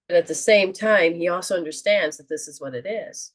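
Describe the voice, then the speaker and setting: Slow earnest woman giving a spiritual reading. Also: lowish voice. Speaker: host and metaphysician.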